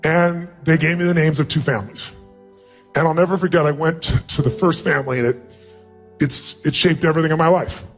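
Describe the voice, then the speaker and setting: A man's voice: a little high, fairly even intonation, brisk, soft background music. A middle-aged man giving a motivational speech, telling a personal story with emotion and rising to emphatic peaks. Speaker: motivational speaker.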